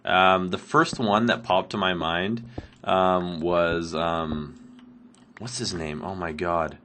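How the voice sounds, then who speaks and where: A man's voice: deep voice, fairly even intonation, slow, fairly bright tone, slight background noise. A man who is sick, answering viewer questions while playing a block-building game, rambling with many ums and laughs. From Canada. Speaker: Minecraft let's player answering viewer questions. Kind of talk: casual gameplay commentary.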